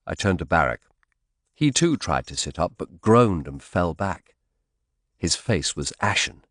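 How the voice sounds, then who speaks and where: A man narrating an audiobook in first person with expressive, dramatic storytelling. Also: low-pitched, measured pace, no room sound, studio quality.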